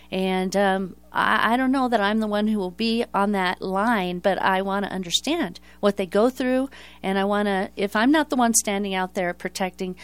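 A woman's voice: mid-range voice, clean tone, dry recording. Earnest woman hosting a talk show. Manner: earnest, talkative, frequent self-corrections. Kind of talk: casual interview chat.

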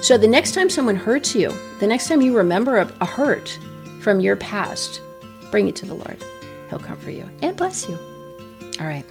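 A woman giving a casual devotional talk as host, earnest, often dropping to soft whispers as she acts out pain. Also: mid-range voice, big pitch swings, normal speed, over music.

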